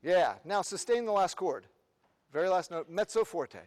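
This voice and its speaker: A man's voice: sits high, animated, over music. Man counting off a band in a reverberant hall. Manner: counts off and sings rhythms to demonstrate; quizzing players with quick questions. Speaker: band clinician. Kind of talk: rehearsing a concert band. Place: band rehearsal room. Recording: long reverb of a large hall.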